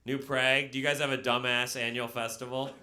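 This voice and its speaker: A man's voice: mid-range voice, little pitch movement, brisk. A man performing a brash stand-up comedy set on a brewery stage, laughing at his own jokes. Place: brewery stage before a live audience. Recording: live room with audience noise. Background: audience laughter.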